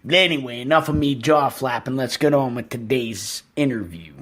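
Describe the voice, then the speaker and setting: A man's voice: medium pitch, fairly bright tone, slight background noise, natural voice. A man doing a comedic impression of a blustering, patriotic rock-star father, hosting a podcast with rambling, self-righteous stories. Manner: rambling, self-righteous storytelling with slow pauses. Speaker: podcast host.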